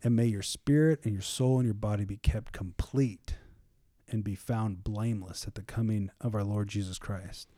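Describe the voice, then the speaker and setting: A man with a low, mellow voice leads a casual Bible study. He reads scripture slowly and retells stories with animated voices for the figures. The sound is dry and close. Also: no room sound. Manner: animated, acts out biblical figures in casual speech.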